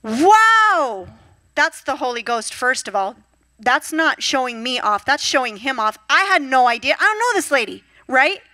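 A woman pastor preaching a sermon, telling stories with lively acted-out quotes. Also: sits high, normal speed, no room sound. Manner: lively storytelling, acts out voices and quotes. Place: church.

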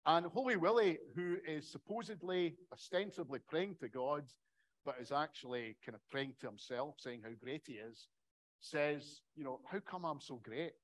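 A man's voice: fairly high pitch, normal speed, rough recording. A middle-aged man giving a public academic lecture in a conversational way, with wry asides.

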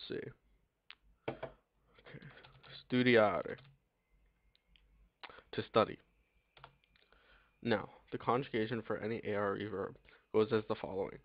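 A young man giving a casual language lesson, pausing often with ums as he works through it, recorded on a computer mic with typing and clicks behind him. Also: lowish voice, no room sound. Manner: halting, many ums and pauses. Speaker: teacher. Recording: dull lo-fi dry recording.

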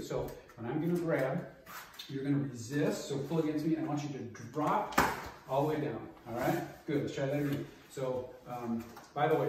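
A man's voice: fairly high pitch, a little mellow. A middle-aged man teaching a hands-on safety class as a martial arts instructor, coaching and checking in with "okay?" as he demonstrates. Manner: coaching, repeats key steps, brief checks like 'okay?' and 'all right?'. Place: large martial arts training room. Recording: very echoey room, distant mic, faint noise.

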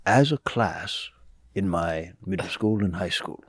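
A man's voice: low-pitched, animated, unhurried, slightly rough, dry recording, clean studio sound, exaggerated voice. A man voicing a grand, solemn old male wizard with archaic, theatrical phrasing, as a guest on a comedy podcast. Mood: grandly solemn.

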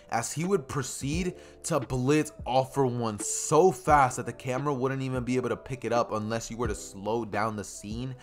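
A young man casually narrating a fan story, excited and rambling, often correcting himself mid-sentence. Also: medium pitch. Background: faint music.

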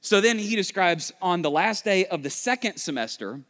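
A male pastor preaching a sermon, telling a story with quick urgent bursts and slow, hushed emphasis. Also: sits high, animated. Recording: long church hall reverb.

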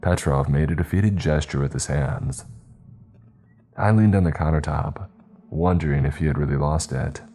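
A man narrating a horror story in a measured, tense way. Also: very deep voice, mellow. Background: faint background music.

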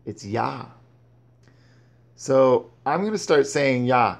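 Slow, gravelly-voiced man teaching scripture. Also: medium pitch, expressive. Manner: reads verses, then breaks off to explain and exhort; stumbles and restarts words often. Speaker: Bible teacher. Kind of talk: scripture reading with commentary.

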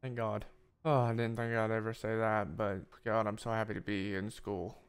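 A young man giving live gameplay commentary, loud, jokey and profane in his reactions. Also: on the low side, level tone, normal speed, clear, resonant tone. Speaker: streamer.

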